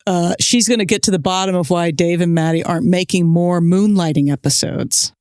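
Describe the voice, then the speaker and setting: A woman's voice: on the low side, fairly even intonation, fairly quick, a little mellow, clear, resonant tone, no echo, clean studio sound. A woman hosting an interview, answering with short affirmations and laughs. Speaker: podcast host. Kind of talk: conversational interview.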